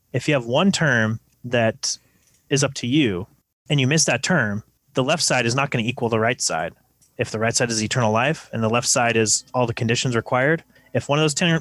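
A man's voice: medium pitch, a bit bright, dry recording. A man co-hosting a podcast, earnestly explaining scripture with math analogies in casual discussion. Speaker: podcast co-host.

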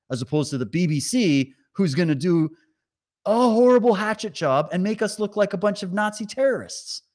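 A man's voice: fairly high pitch, lively intonation, brisk, a little mellow. A man giving a heated, sarcastic and profane commentary while reacting to clips. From Canada. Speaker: online commentator. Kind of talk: ranting commentary over clips.

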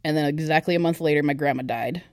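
A woman's voice: sits low, fast talker, a little mellow, dry recording, clean studio sound. A young woman giving a personal testimony on a podcast, speaking candidly and conversationally, with lots of fillers. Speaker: podcast guest. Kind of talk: personal testimony in casual chat.

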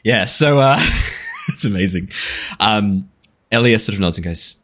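A man's voice: fairly low pitch, wildly swooping pitch, unhurried, a bit bright. A man narrating as game master of a tabletop game, laughing often and swearing casually.

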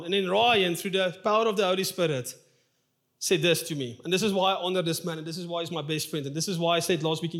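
A man's voice: high voice, fast talker, fairly bright tone. A male pastor preaching a sermon in a church, telling a personal story in an open, emotional, confessional way.

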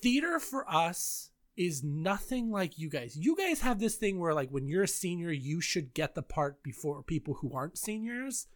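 A woman in her thirties hosting a casual podcast chat, telling stories in an animated way with frequent laughs and sudden high squeals. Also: moderate pace, few pauses. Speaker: podcast host.

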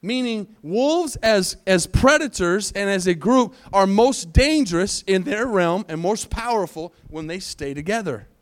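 High-voiced pastor preaching energetically. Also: male voice. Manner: energetic preaching, questions to the congregation, slows for scripture. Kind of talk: sermon. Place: church sanctuary.

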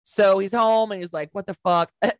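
Young female podcast co-host, loose profane storyteller, medium pitch, dry close sound. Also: fairly even intonation, normal speed, no room sound. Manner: rambling storyteller, swears a lot, laughs often. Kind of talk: casual movie recap chat.

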